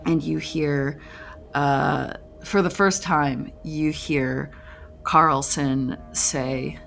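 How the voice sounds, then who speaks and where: A woman runs a tabletop game and narrates with many pauses and fillers. Her voice is low and gravelly, with faint music behind her. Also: fairly even intonation, fairly bright tone. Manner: hesitant, full of fillers. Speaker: game master.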